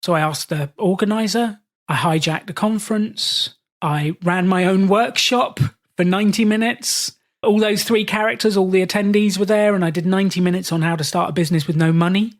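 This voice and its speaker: A British man, a podcast host, telling stories in a relaxed interview and acting out the voices of people he quotes. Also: sits high, brisk. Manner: animated, acts out quoted voices. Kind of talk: storytelling in casual conversation.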